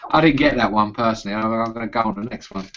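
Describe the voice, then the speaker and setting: A man's voice: lowish voice, rapid-fire, a bit bright. Man, crude casual chat, sweary, laughing, dull lo-fi audio. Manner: sweary, laughing, plays with slang. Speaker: podcast host.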